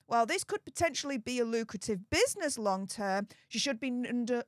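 A woman talks through celebrity gossip in a chatty commentary style. Her voice sits a little high and she leans into drawn-out, dramatic emphasis. The sound is dry and close, with no room echo. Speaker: commentary channel host.

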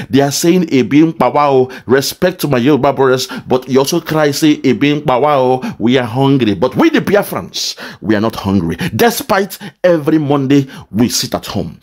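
A man from southeastern Nigeria, giving impassioned video commentary in a forceful, preaching style with heavy repetition. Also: fairly high pitch. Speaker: political commentator.

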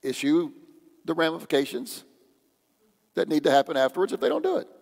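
A man's voice: fairly high pitch, sing-song, a little fast, gravelly, a little mellow, slightly rough. A man preaching a sermon as pastor, in a conversational, joking way. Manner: conversational, joking, acts out quoted voices. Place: church sanctuary. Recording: long church hall reverb.

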